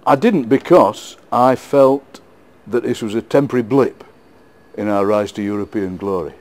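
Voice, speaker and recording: A middle-aged man with a Yorkshire accent, a poet being interviewed, telling lively football anecdotes with frequent laughs and repeated words. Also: on the low side, normal speed. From England. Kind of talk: casual storytelling interview.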